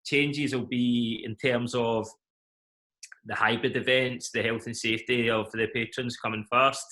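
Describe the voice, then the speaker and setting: Bright-voiced Glaswegian man. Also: medium pitch, flat delivery, a little slow. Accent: Glaswegian Scottish. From Scotland. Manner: many fillers, laughs easily. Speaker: event company chief, interview guest. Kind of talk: video interview answers.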